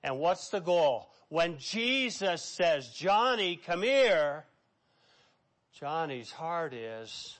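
High-voiced preaching man. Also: a bit bright. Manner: preachy, dramatic, reads scripture aloud, acts out quotes. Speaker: pastor. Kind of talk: sermon.

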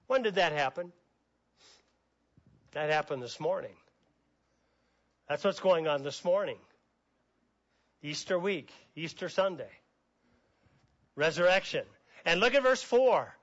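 A man's voice: fairly high pitch, expressive, a little slow, long pauses, a bit bright. A male pastor giving an Easter sermon, telling the story in a folksy way and reading scripture aloud, heard in a dull lo-fi recording. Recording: dull lo-fi sound.

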